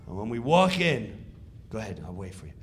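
A man telling a comic story on stage in an animated, excitable way. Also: fairly low pitch, fairly quick. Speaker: comedian. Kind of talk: stand-up storytelling.

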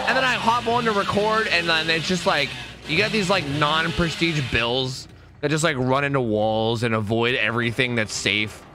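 A man's voice: fairly high pitch, normal speed. A young man with a joking manner, giving casual commentary over his own gameplay as a streamer. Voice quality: animated, joking, talks to players on screen. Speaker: gaming streamer.

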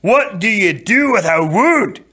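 A man voicing a stern, gruff fencing teacher in a storybook reading, barking and scolding. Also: sits high, expressive, slow, sharp tone, pitched above the performer's own voice, heavily acted.

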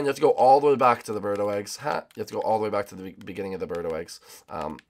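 A man hosting a gaming channel, rambling excitedly to viewers while racing. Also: on the low side, racing. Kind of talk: casual gameplay commentary.

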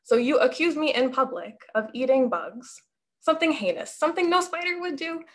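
A woman's voice: high-pitched, expressive, moderate pace, voice pushed up. A woman doing a suspiciously polite spider. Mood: politely indignant. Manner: smooth, reasonable-sounding, mock-wounded.

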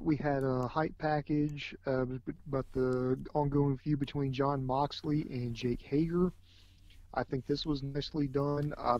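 A man's voice: medium pitch, a little mellow, dull audio. A man co-hosting a casual wrestling review, joking easily and talking with many fillers. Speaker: podcast co-host.

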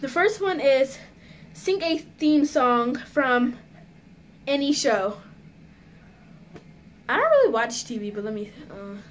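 A woman's voice: high-pitched, big pitch swings, slow pace, pauses often, a little hiss or hum. A woman chatting casually in a home vlog, giggly and nervous, talking straight to her viewers. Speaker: vlogger. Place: at home indoors.

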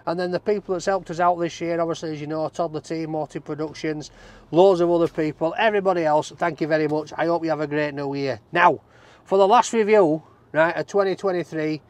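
A man's voice: a little high, steady tone, a little fast. A man with a Yorkshire accent from Barnsley, hosting a takeaway review vlog and chatting jokily with his cameraman while driving through town. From Barnsley, England. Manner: chatty, jokey, banter with cameraman. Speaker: food reviewer host.

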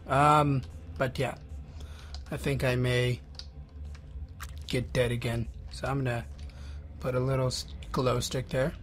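A man nervously stammering and muttering through commentary on a horror game he is playing. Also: mid-range voice.

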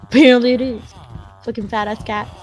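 A young Filipino woman with a Filipino accent, giving profane, dramatic commentary and shouting at animals in a game. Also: a little high, fairly even intonation, fairly quick. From Philippines. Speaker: gamer. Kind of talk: casual gameplay commentary.

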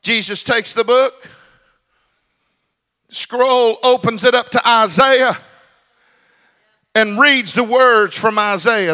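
Shouting pastor, high voice. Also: male voice, takes it slowly, pauses often. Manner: shouting, rhythmic preaching with sung phrases. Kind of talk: pentecostal sermon. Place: church sanctuary.

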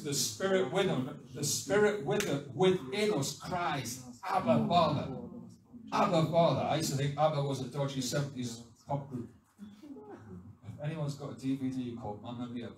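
A man preaching a sermon, emphatic and insistent, repeating his phrases with rising force. His voice sits fairly high and is picked up from a distance, so it rings around an echoey church hall. Steady room noise sits under the recording. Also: a little fast, a crowd in the background. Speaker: pastor. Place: church service.

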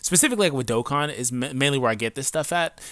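A man's voice: mid-range voice, animated, quick pace, fairly bright tone, dry recording. Blunt, defiant man ranting on a dry mic. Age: adult. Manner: blunt and defiant, slangy with frequent profanity; loose rambling talk with many fillers. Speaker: gaming YouTuber. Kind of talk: casual unscripted rant to camera. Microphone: home recording mic.

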